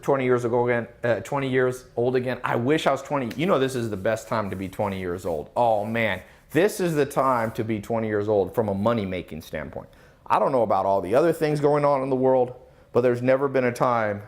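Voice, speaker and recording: His pitch sits in the middle range and he talks a little fast. In this relaxed live Q&A he voices the audience's chat questions before answering them with confident emphasis, lecturing and posing rhetorical questions.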